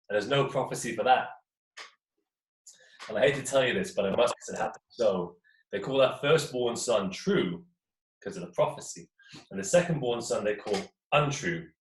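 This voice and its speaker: Young English male storyteller, playful and chatty, speaking to a listening crowd; picked up from a distance, so the voice sounds set back. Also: lowish voice. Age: young adult. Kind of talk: live storytelling to an audience. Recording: echoey room, mic at a distance, faint noise.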